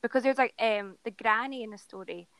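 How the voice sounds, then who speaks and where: A woman's voice: fairly high pitch, fairly quick, a bit bright, no room sound, poor audio. A woman co-hosting a podcast, chatting casually and playfully about a book, laughing often. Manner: giggly, playful. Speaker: podcast co-host.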